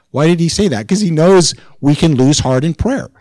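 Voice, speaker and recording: A man's voice: fairly high pitch, big pitch swings, moderate pace, hardly any pauses, a little mellow, no room sound, low-quality recording. A man pastor giving a sermon in an informal, chatty way, growing more intense as he presses a point. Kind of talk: conversational sermon.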